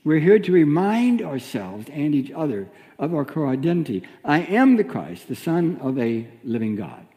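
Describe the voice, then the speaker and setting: A man giving a sermon as a minister, teaching in a gentle, reflective way with pauses. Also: fairly high pitch, very animated, in a large hall.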